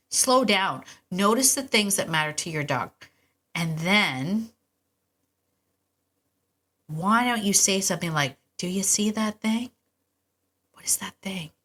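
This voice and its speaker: A middle-aged woman with a low-pitched voice talks casually on her podcast. Her tone is bright and forceful, and she gets enthusiastic and chatty, with frequent asides. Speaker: podcast host and dog trainer. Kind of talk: casual solo podcast talk.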